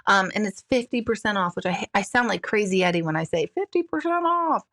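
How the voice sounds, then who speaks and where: A woman's voice: medium pitch, fast talker, fairly bright tone. A woman hosting a casual live stream, talking frankly and chattily with viewers and swearing now and then. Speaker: livestream host, intuitive coach.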